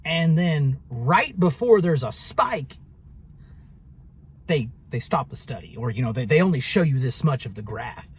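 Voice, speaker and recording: A man's voice: medium pitch, animated, a little slow, breathy edge. A man telling a story in a casual vlog monologue, rambling and sarcastic, with many restarts. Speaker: vlogger.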